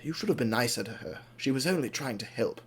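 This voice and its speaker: A man voicing a frail, gentle old male steam engine who talks softly and hesitantly. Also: on the high side, big pitch swings, measured pace.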